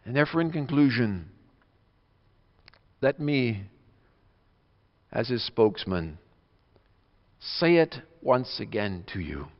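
A pastor preaching an earnest, emphatic sermon, his voice swinging between soft and loud. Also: mid-range voice, very animated, slow pace, long pauses. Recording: dull lo-fi audio with long reverb.

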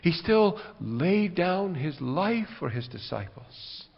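Man preaching in a church, kinda high voice, gets loud then goes quiet, muffled old recording. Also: big pitch swings, takes it slowly, vocal fry, husky. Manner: impassioned, swings between loud rhetorical questions and quiet earnest passages. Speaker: pastor. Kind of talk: sermon. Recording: dull lo-fi recording with long hall reverb.

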